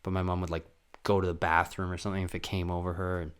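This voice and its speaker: A young man with a lowish voice talks alone into his podcast mic in loose, rambling fashion. He pokes fun at himself and leans into wry asides. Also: level tone, fast talker, smooth. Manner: rambling, self-deprecating, jumps into loud sung and acted bits. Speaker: podcast host. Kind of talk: casual solo podcast monologue.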